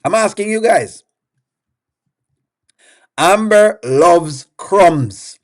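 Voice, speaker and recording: A man's voice: sits high, expressive, very slow. Chatty man hosting a reaction stream. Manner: chatty, questions the viewers and reads their comments aloud. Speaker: reaction show host. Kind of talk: live-stream reaction commentary.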